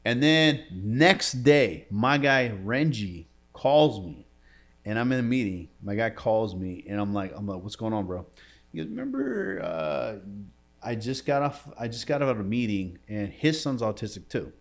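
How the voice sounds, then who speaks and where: Low-voiced man telling a story, emotional. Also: moderate pace. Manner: emotional storytelling, often drops to a quiet low voice; casual slangy talk, says bro and dude. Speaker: entrepreneur guest. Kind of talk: storytelling in a podcast interview.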